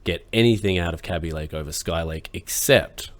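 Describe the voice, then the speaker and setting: A man's voice: sits low, moderate pace. A young Australian man hosting a casual tech chat, laid-back and rambling with lots of fillers, recovering from the flu. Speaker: tech channel host.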